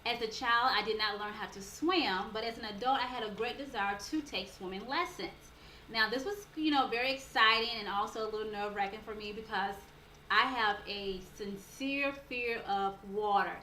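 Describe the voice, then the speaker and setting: A woman life coach telling a personal story in a motivational talk, earnest and animated, building toward a preaching close. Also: a little high, normal speed, slight background noise. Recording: roomy echo with faint background ambience.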